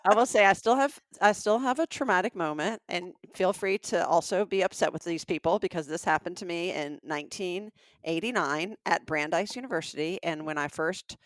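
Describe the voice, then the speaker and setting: With a Southern accent and plenty of laughter, this podcast co-host, a woman in her fifties from the American South, keeps the conversation easygoing. She speaks at a moderate pace in a lowish voice, and the recording is dry and cleanly studio-made.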